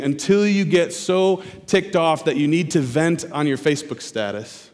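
Man preaching in a reverberant hall. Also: on the high side. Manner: expository preaching, repeats key phrases slowly for emphasis. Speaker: pastor. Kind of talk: sermon.

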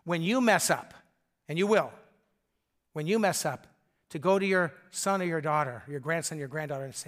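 A man's voice: a little high, normal speed, fairly bright tone. A middle-aged male pastor preaching a sermon in an earnest, emphatic way.

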